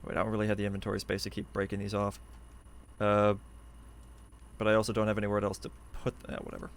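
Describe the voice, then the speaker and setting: A man's voice: on the low side, completely flat delivery, fast talker, a little hiss or hum. A man streaming a game live, talking through what he builds in a chatty, eager way from a hot room at home on a desk microphone. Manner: chatty, eager, thinks aloud while building. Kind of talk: live gameplay commentary.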